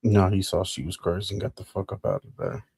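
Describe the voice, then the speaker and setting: Deep husky man chiming in off-mic. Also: fairly even intonation, a little fast, darkish tone, dry recording, studio quality. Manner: blunt off-mic interjections.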